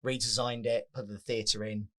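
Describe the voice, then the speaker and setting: Animated bar owner telling stories. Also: male voice, fairly low pitch, moderate pace. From England. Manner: animated storyteller acting out customers' lines. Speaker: guest, magic bar owner. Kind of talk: casual chat.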